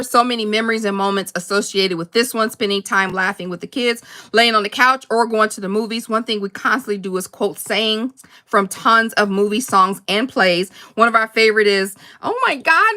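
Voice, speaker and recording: A woman hosting a casual live crafting chat, rambling warmly between laughs and answering viewer comments. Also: mid-range voice. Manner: chatty and rambling, laughs often, quick asides. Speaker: crafting channel host.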